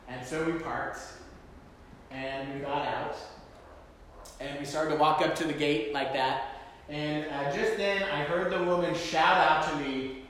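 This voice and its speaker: Pastor telling a story in an echoey hall. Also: male voice, medium pitch, fairly even intonation, unhurried, fairly bright tone. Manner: self-deprecating storytelling, frequent fillers. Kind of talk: conversational sermon with personal story. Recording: echoey hall, faint room noise.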